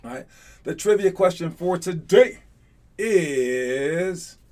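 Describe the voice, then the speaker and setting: A man running a casual live online basketball coaching session, chatty and rambling with lots of fillers, teasing and excitable. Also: on the high side, slow pace.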